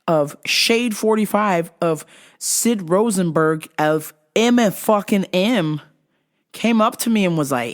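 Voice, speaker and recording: A woman podcast host telling a profane, animated story in casual talk. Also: fairly low pitch, measured pace.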